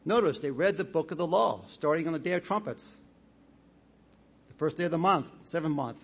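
A man delivers a sermon in a fairly high voice. He speaks in a measured, deliberate way, reading scripture passages aloud and building emphasis as he goes. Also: lively intonation, husky. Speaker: preacher.

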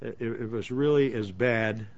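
A man's voice: mid-range voice, normal speed, darkish tone. A man leading a Bible study, reading verses aloud and then explaining them in plain words, with frequent restarts. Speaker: Bible teacher. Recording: dull lo-fi recording.

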